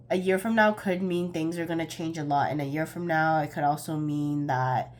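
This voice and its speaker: A woman's voice: on the low side, a little mellow. A young woman giving a casual pick-a-card tarot reading, chatty and a bit scattered, often laughing at herself.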